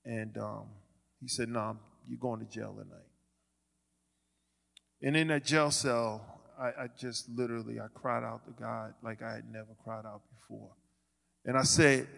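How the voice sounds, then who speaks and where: A man giving a sermon testimony as a ministry leader, stammering and restarting, swinging from quiet asides to loud declarations. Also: medium pitch, vocal fry, long reverb tail.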